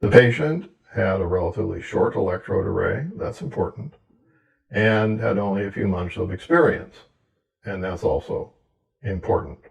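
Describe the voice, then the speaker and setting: Deep gravelly man lecturing. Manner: measured, explanatory delivery. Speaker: hearing researcher. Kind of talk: scripted lecture narration.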